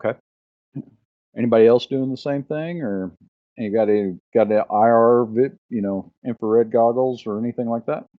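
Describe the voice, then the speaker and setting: A man who is the game master, describing scenes in a laid-back, halting way and asking the players what they do. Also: mid-range voice, no echo. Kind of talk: narrating a tabletop game. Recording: muffled lo-fi audio.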